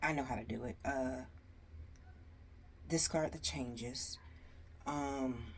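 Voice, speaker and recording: A woman's voice: very deep voice, slow, a little hiss or hum. A woman telling a storytime to her viewers in a casual, exasperated way, sighing often. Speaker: storyteller vlogger.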